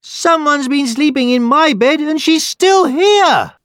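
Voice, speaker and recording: A man voicing a small, upset baby bear in a children's storybook, with high wailing cries. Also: expressive, takes it slowly, a bit bright, no echo, studio quality, full character voice.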